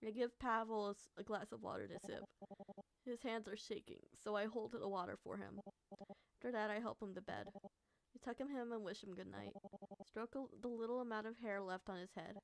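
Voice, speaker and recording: A woman reads a story game aloud for her stream, her voice mid-pitched and dry in the mic with no room around it. She moves between narrating scenes and reacting out loud with strong feeling, swearing now and then. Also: steady tone, a little fast, gravelly, no echo. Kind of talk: reading a visual novel aloud with commentary.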